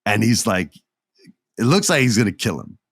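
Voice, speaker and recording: A man with a fairly low voice tells the story of a wrestling show in a loose, chatty way, acting out the lines of people he describes. The sound is dry and close, with no room around it. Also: normal speed, breathy edge, dry recording. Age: adult with children. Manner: animated storyteller who acts out quotes. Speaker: podcast host. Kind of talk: casual wrestling recap.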